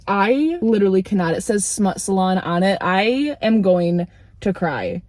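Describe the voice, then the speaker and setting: A woman book vlogger chatting casually in a parked car, gushing and excitable, laughing often as she talks. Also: mid-range voice, normal speed, no echo. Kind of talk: casual vlog chat.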